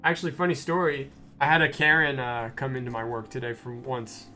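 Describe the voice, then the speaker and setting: A young male streamer with a mid-pitched voice tells a rambling story full of restarts and casual swearing. Faint game music plays under his voice. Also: flat delivery, a little fast, bright, forceful tone. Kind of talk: casual gameplay stream chat.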